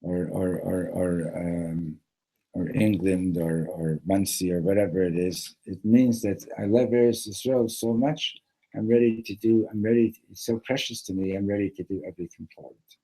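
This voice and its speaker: Man, yeshiva teacher, mellow warm tone, halting, repeats words, keeps asking "right?". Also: sits low, fairly even intonation, poor audio. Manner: mixes Hebrew phrases into English. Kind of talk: Torah class.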